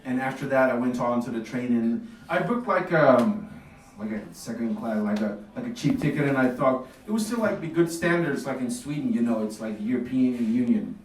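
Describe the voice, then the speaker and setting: A man's voice: mid-range voice, lively intonation, moderate pace. A man doing a stand-up comedy set in a small café club, telling loose stories, acting out dialogue and laughing at his own jokes. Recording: echoey café recorded from far off.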